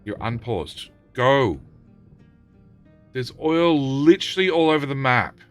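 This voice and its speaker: Casual streamer, middle-aged male, bright forward tone, faint background music, talks to units and chat. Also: medium pitch, sing-song, slow. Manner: talks to in-game units, banters loosely with chat. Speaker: game streamer. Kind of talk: live gameplay stream, chatting with viewers.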